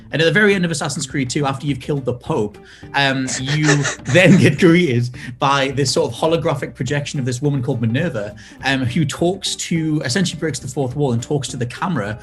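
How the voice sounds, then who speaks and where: A man in casual panel chat, telling a story with energy. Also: mid-range voice.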